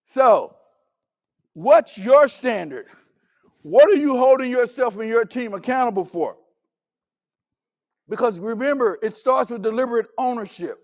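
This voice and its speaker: A man's voice: very high voice, expressive, measured pace, pauses often, a little mellow, dull audio. A man giving a motivational keynote, telling stories dramatically and acting out the dialogue. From Texas. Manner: dramatic, acts out dialogue, emphatic. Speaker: keynote speaker.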